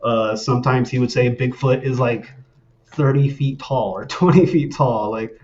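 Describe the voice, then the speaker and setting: A man's voice: medium pitch, normal speed, crowd noise. A man in casual conversation, rambling through eerie personal stories with many fillers, guest on a paranormal podcast. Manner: rambling, laid-back, frequent fillers. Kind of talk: casual storytelling. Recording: dull lo-fi sound.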